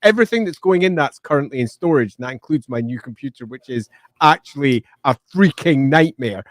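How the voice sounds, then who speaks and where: A man chatting casually as a regular on a stream, playful and quick to laugh. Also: mid-range voice, expressive, no room sound, studio quality. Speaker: regular panelist. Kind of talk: casual livestream chat.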